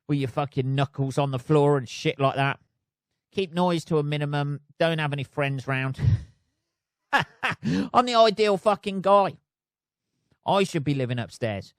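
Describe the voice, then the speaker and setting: A man's voice: medium pitch, dry recording, clean studio sound. A man hosting a podcast alone, rambling in a sweary, self-mocking way. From United Kingdom. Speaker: podcast host. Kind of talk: casual solo rant. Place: flat.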